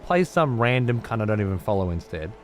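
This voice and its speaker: A man's voice: on the low side, big pitch swings, fairly quick. A man streaming and chatting casually with his audience, blunt, rambling and full of swearing.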